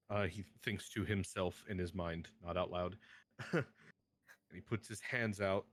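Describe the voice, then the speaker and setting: A man player on a live-streamed tabletop game, narrating what his character does and joking along. His voice is very low and relaxed. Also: measured pace.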